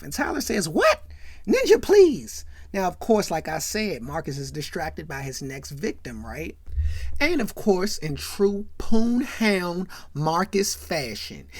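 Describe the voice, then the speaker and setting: Animated comedic movie recapper. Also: medium pitch, no room sound. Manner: animated, conversational storytelling with tag questions. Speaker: host.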